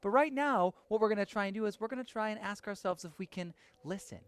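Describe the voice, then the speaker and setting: A woman's voice: medium pitch, quick pace, clean tone, dry recording. A woman leading children through songs in an upbeat, encouraging call-and-response style at a family holiday service.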